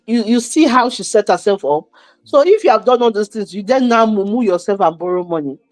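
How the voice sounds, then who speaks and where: A middle-aged woman, co-hosting a casual chat, emphatic and scolding in quick bursts. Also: medium pitch, expressive, no echo. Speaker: podcast co-host.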